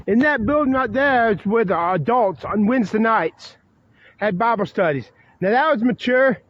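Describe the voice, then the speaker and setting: A man's voice: extremely high pitch, lively intonation, moderate pace, muffled recording. A man in his fifties ranting angrily outdoors at night beside a church, swearing a lot, bitter and repetitive. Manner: profane, bitter, repeats himself. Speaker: vlogger. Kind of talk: angry rant to camera.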